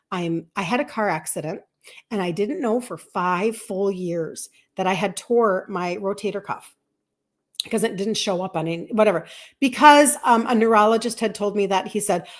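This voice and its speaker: A woman in her fifties talks casually to a live-stream audience as a health coach. She tells a personal story in a chatty, animated way and often acts out lines of dialogue. Her voice sits at an ordinary middle pitch. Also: moderate pace. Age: 50s.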